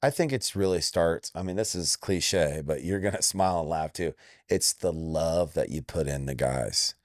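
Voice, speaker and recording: Talking at a normal speed in a clean studio recording with no room sound, this Indiana fight coach in his forties is a guest in a candid interview. He's blunt and forceful, voicing quoted lines with sudden pitch jumps.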